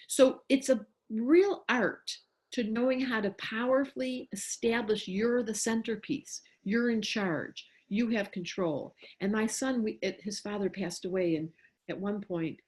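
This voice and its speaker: A middle-aged woman giving a casual talk to parents as an astrologer, animated and acting out what she would say to a child. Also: mid-range voice, measured pace.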